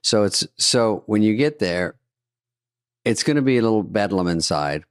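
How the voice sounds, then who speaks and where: A man's voice: on the low side, lively intonation, moderate pace, clean tone, dry recording. A man in his sixties, co-hosting a podcast and telling stories with dry jokes in casual chat. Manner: dry, joking storyteller. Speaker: podcast co-host.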